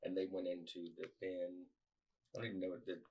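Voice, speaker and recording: A man's voice: sits low, monotone, a little fast, mellow, breathy edge, low-quality recording. A man co-hosting a podcast, rambling casually with jokey asides. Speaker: podcast co-host. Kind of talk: casual chat.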